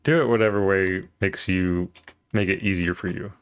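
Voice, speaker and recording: A man's voice: low-pitched, fairly even intonation, moderate pace, smooth. A man streaming while he draws, chatting casually in a rambling, playful way with lots of fillers.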